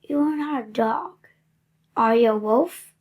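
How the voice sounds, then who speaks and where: A woman's voice: fairly high pitch, slow pace, slightly rough, muffled recording. Woman doing a sweet polite little girl.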